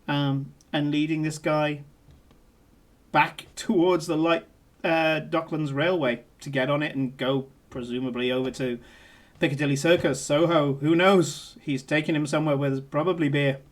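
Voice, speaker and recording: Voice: medium pitch, fairly even intonation, moderate pace. Playful game master narrating a tabletop game. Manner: laughing, playful narration with frequent fillers.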